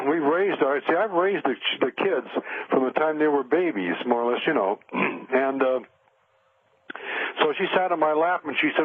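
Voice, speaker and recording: A man's voice: fairly high pitch, animated, moderate pace, no echo. An older man, a spiritual counselor, telling a long rambling story in a radio interview, with many fillers and restarts. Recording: tinny phone line.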